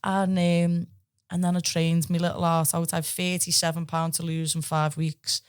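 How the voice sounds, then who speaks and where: Lively Liverpool woman telling stories. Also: fairly low pitch, moderate pace, smooth. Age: 30s. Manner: lively, swears freely, acts out quoted voices. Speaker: podcast guest, fighter. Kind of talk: casual storytelling chat.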